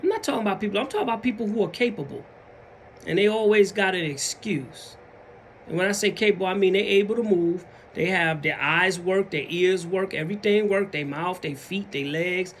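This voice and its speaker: Animated Southern man with a lively, high voice. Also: a little fast, a little hiss or hum. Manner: animated, acts out other people's excuses in mumbled voices. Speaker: vlogger. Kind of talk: casual motivational monologue.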